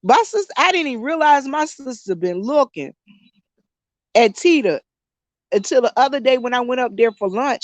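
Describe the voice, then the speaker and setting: A woman's voice: high voice, expressive, measured pace, no room sound. A woman around fifty, chatting casually to her viewers, telling a story with frequent laughter and calling them y'all. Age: 50s. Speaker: YouTube vlogger.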